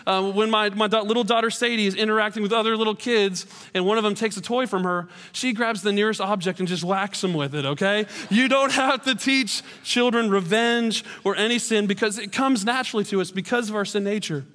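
A man's voice: sits high, brisk, few pauses, fairly bright tone. A man, a pastor in his thirties, giving a sermon in a church auditorium and telling stories with self-deprecating humor. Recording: long hall reverb.

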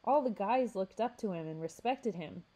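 A woman librarian reading a story aloud with a steady, expressive delivery. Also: mid-range voice, normal speed, low-quality recording. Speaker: youth services librarian.

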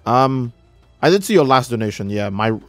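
A young man live-streaming a game, chatting casually and reading out donations, laid-back and profane, his voice jumping high when he gets excited. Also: normal speed, no echo, faint music behind.

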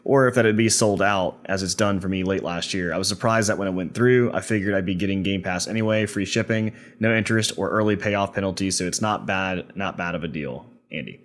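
A man hosting a casual gaming podcast, rambling and trailing off quietly as he reads listener mail. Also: deep voice, brisk, few pauses. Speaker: podcast host. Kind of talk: casual chat.

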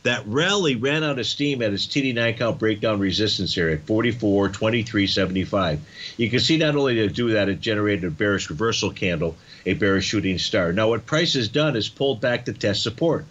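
A man's voice: lowish voice, animated, a little fast, a bit bright, muffled recording. A man hosting a trading show, methodically walking through chart levels in live market commentary with frequent fillers.

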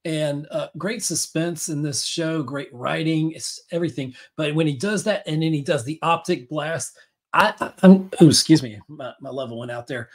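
A man's voice: fairly high pitch, normal speed, few pauses. A man hosting a podcast, talking in a rambling, enthusiastic way with many fillers and restarts. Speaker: podcast host. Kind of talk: casual chat.

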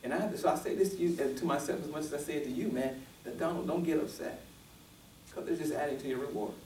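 A man's voice: fairly high pitch, fast, darkish tone, recorded from a distance, slight background noise. Male pastor preaching in an echoey room. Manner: repetitive restarts, rising to emphatic preaching. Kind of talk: sermon.

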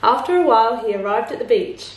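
A woman teacher reading a children's storybook aloud in a playful way, pausing to ask her listeners questions. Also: fairly high pitch, expressive. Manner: slow, warm, playful, asks listeners questions. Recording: echoey room.

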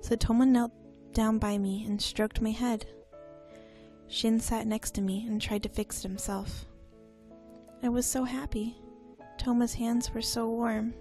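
A woman voicing a young heroine in a game, quietly recalling a childhood memory in a wistful tone. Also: fairly high pitch, fairly even intonation, measured pace, faint music behind.

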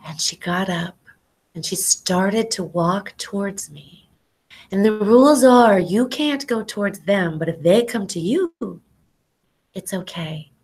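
A middle-aged woman, an ethnobotanist, telling lively stories to students in an animated educational talk over a video call. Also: medium pitch, takes it slowly, husky. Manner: animated storyteller, exclamations and acted-out quotes; casual, says y'all.

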